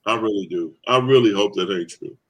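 A man co-hosting a casual podcast chat, earnest and expressive. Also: on the low side, a little fast. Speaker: podcast co-host.

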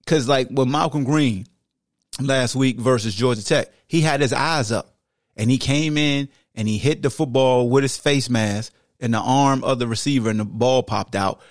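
A man hosts a podcast and talks through a game recap in a loose, conversational way, joking between the stats. His voice sits at a middle pitch, and the dry, close recording has no room echo. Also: normal speed. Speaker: podcast host. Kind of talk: casual sports recap podcast.

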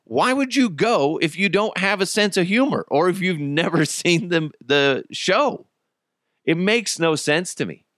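A man's voice: a little slow, dry recording. Guy ranting on his podcast, swears a lot, laughs at himself, voice jumps all over, dry close sound. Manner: animated, swearing, laughing at his own stories, acts out bystanders in high voices. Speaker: podcast host. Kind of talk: casual solo podcast rant.

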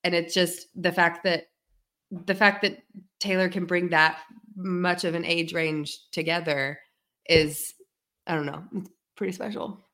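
Low-voiced woman in her thirties chatting. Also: steady tone, a little slow, pushed and bright. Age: 30s. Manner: chatty storytelling, many fillers. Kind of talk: casual chat.

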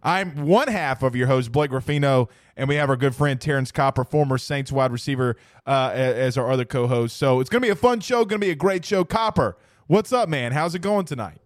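A man co-hosting a casual sports podcast, excitable and animated, jumping between quick banter and self-corrections. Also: mid-range voice, no room sound, studio quality. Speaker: podcast co-host.

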